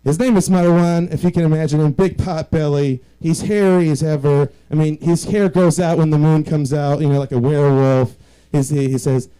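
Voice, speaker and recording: Young male stand-up, dark mellow tone, self-mocking storyteller. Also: on the high side, fairly even intonation, moderate pace, clear, resonant tone, rough recording. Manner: self-deprecating, rambling storytelling. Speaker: stand-up comedian. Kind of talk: stand-up set.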